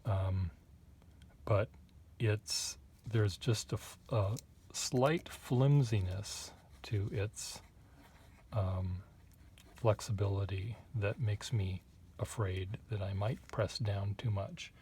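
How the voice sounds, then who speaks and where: Low-voiced man rambling about pens. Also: steady tone, slow, darkish tone, a little hiss or hum. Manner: rambling, hesitant, wry asides to viewer. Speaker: artist reviewing pens. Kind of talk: casual chat while drawing. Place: at a desk.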